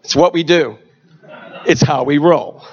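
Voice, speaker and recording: A middle-aged man preaching a testimony sermon, swinging from shouted exhortation to hushed storytelling. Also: a little high, unhurried, slightly rough, lo-fi sound.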